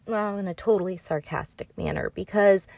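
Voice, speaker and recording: A woman's voice: mid-range voice, normal speed, vocal fry, darkish tone, no echo. A young woman vlogger recapping a story casually, rambling, sarcastic and full of swearing.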